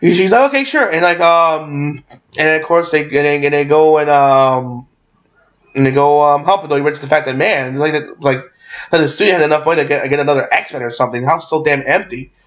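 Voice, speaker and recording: Young man, rambling casual movie recap, excitable, swears a lot, many fillers, slightly high voice, dull lo-fi sound. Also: brisk. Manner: excitable, full of fillers and restarts, swears freely. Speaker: movie reviewer.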